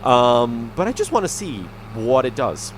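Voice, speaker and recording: A man's voice: mid-range voice, big pitch swings, unhurried, slight background noise. A man giving rambling, easygoing commentary while playing a farming video game, with frequent ums and the hiccups. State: has the hiccups. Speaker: gaming YouTuber. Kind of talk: casual gameplay commentary.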